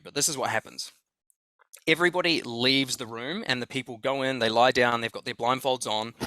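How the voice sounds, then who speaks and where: An Australian man recounts a story on a podcast, excitable and loose with swear words, circling back and repeating himself. His voice is bright and forward at an average pitch. The recording is dry and close. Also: no room sound. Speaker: podcast guest. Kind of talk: conversational storytelling.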